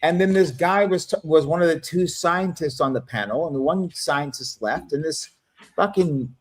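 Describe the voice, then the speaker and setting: Rambling, profane man, slightly high voice. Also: normal speed. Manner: rambling, profane, animated storytelling. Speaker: panel guest. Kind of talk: casual livestream chat.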